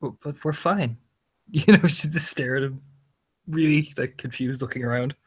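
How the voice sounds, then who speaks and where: A man's voice: mid-range voice, normal speed, breathy edge. A man playing a tabletop role-play game, describing his character in a casual, giggly, loose way. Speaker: player.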